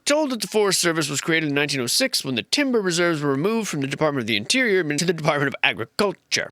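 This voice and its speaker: A man's voice: mid-range voice, sharp tone, dry recording. A man giving comedic commentary in a mock-serious tour-guide manner, full of sarcastic joking asides. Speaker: host.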